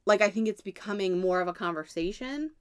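A woman's voice: mid-range voice, brisk, clean tone, no echo, studio quality. A woman in her thirties, co-hosting a casual podcast chat and telling a family story in a chatty way, laughing often. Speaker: podcast co-host.

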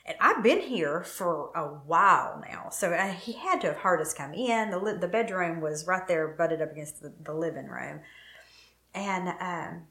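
A middle-aged woman with a fairly low voice tells a painful personal story with feeling. She brings it to life by acting out what each person said. Her voice carries a roomy echo. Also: big pitch swings, normal speed, sharp tone. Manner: emotional, vivid retelling with quoted dialogue. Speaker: guest telling her story.

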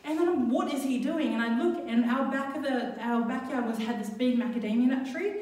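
A woman's voice: fairly high pitch, fairly quick. Woman telling a story live. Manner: lively, laughing, many fillers and restarts. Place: live venue stage. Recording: echoey venue, mic from far off.

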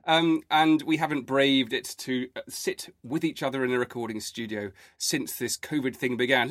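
Wry, relaxed man, a historian. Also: medium pitch, normal speed, hardly any pauses, no echo, studio quality. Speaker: historian and podcast co-host. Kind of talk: conversational podcast talk. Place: home, recording remotely.

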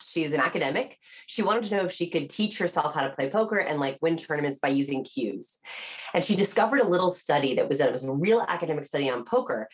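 A woman author being interviewed on a podcast, explaining research with lively emphasis and acted-out example voices. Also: deep voice, fast talker. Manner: animated explainer, acts out quoted voices with rising inflection. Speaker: author and body language researcher.

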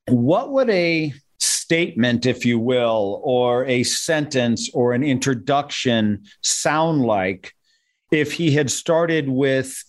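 A man hosting an interview speaks at a middle pitch and keeps to short affirmations. Now and then he asks a curious follow-up question. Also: expressive, takes it slowly. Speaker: podcast host.

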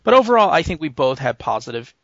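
A man's voice: on the high side, big pitch swings, fast, gravelly, fairly bright tone, dry recording. A man co-hosting a podcast, rambling. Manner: rambling, easygoing, laughs often. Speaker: podcast co-host. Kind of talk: casual chat. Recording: dull lo-fi podcast audio.

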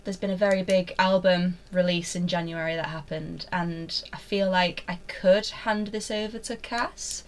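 A woman co-hosting a casual podcast, chatty and amused, quick to tease the others. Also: fairly low pitch, fairly even intonation. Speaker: podcast co-host. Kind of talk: casual chat.

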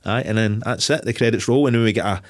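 A man's voice: lowish voice, fast. A Scottish man co-hosting a film podcast, talking casually, rambling and swearing freely as he retells scenes. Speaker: podcast co-host.

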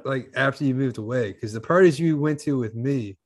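A man's voice: medium pitch, fairly quick. A young man co-hosting a podcast, rambling through a story with lots of fillers and swearing. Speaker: podcast co-host. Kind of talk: casual chat.

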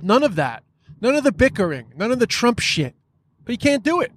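In a frustrated, casual podcast monologue, the male host swears often and peppers his speech with "like" and "you know." He sounds very high-pitched and very animated, talking fairly quickly.

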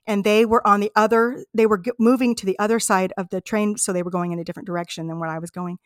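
A woman's voice: medium pitch, steady tone, quick pace, dry recording, clean studio sound. A woman hosting a podcast, telling personal travel stories in an earnest, heartfelt, reflective way. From United States. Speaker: podcast host. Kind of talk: personal storytelling monologue.

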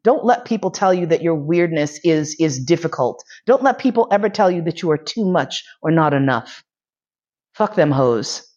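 A woman's voice: lowish voice, expressive, moderate pace, few pauses, a little mellow. A woman giving a casual, profane, often laughing storytelling talk. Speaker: lecturer. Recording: dull lo-fi recording.

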